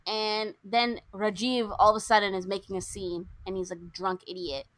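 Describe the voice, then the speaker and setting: A young American woman co-hosting a podcast, retelling a movie's plot in a lively, indignant way. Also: mid-range voice, moderate pace. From United States. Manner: animated, indignant storytelling with quoted lines. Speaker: podcast co-host. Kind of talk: casual movie recap chat.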